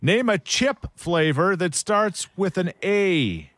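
Lively man hosting a radio call-in. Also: high-pitched, slow, no room sound. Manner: lively, laughing, playful. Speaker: radio podcast co-host. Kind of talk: casual chat and call-in game hosting.

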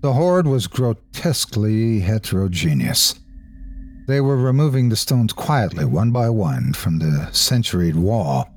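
A man narrating a classic horror story in the first person, with a measured delivery that slows and quickens for suspense. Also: fairly low pitch, sing-song, darkish tone. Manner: measured, shifting pace for suspense. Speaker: host and narrator.

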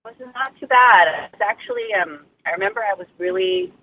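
A woman's voice: mid-range voice, lively intonation, moderate pace, slightly rough. A woman guest in a casual interview, telling her story in a heartfelt, rambling way full of "you know" and "like.". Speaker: guest mother sharing birth story. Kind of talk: casual interview over phone. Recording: tinny phone line.

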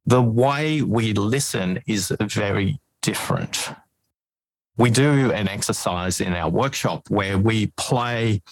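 A man's voice: lowish voice, husky, rough recording. A man speaking as a guest in an interview over a video call, explaining his ideas step by step in lists. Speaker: podcast guest and author on listening. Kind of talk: interview conversation.

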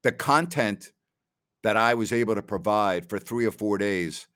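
A man's voice: on the low side, a little slow, fairly bright tone. A middle-aged man from New York hosting a casual talk show, chatting with stream listeners and telling stories where he often repeats words and quotes people.

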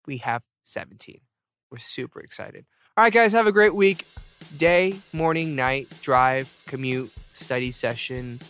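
Closing out his show, a podcast host in his thirties chats casually, rambling and poking fun at himself through jet lag and fatigue. He has a mid-range, slightly bright voice.

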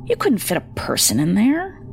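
A woman narrating a first-person horror story in a measured, somber way. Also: medium pitch, huge pitch swings, creaky, a little hiss or hum.

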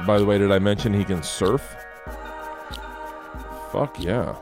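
A man hosting a casual podcast chat, rambling and swearing with excitable energy. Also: on the low side, unhurried, over music. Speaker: podcast host.

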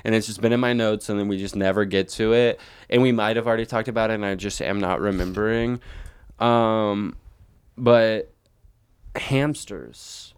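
Low, smooth-voiced man chatting. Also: steady tone, normal speed. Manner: rambling, swears freely, laughs often. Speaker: podcast co-host. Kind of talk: casual chat.

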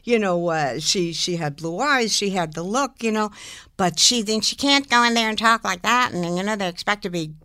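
Animated older woman telling showbiz stories. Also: medium pitch, normal speed, no echo, studio quality. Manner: animated, laughs often, slips into impressions. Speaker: impressionist and singer, guest. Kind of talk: lively storytelling in a talk interview.

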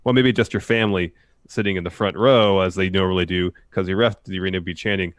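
A man's voice: deep voice, steady tone, quick pace, clear, resonant tone, no room sound, studio quality. A man co-hosting a podcast, joking in casual chat and reading quotes aloud as he recaps a show. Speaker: podcast co-host.

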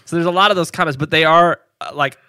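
A man's voice: on the high side, fairly even intonation, quick pace, sharp tone, clear, resonant tone. A man co-hosting a casual podcast, explaining a science story loosely with fillers. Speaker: podcast co-host. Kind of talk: casual chat.

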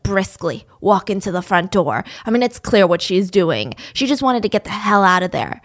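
A woman telling a story in a chatty, animated way with dramatic asides. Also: medium pitch, normal speed, few pauses. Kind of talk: casual storytelling.

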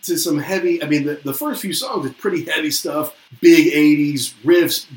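A man's voice: a little high, moderate pace. A man co-hosting a casual album review chat, musing and hesitant, often reading lyrics aloud. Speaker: podcast co-host reviewing an album. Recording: roomy echo.

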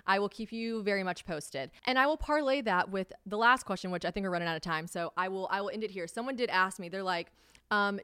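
A young adult woman hosting her own podcast, chatting casually, swearing freely and acting out quoted conversations with big jumps in pitch. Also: fairly bright tone, smooth, dry recording, clean studio sound. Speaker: podcast host. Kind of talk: casual solo podcast chat.

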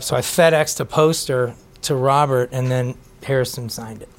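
A middle-aged man in a casual interview, telling self-deprecating, animated anecdotes as a guest. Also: mid-range voice, moderate pace. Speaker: band member, interview guest. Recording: archival TV footage.

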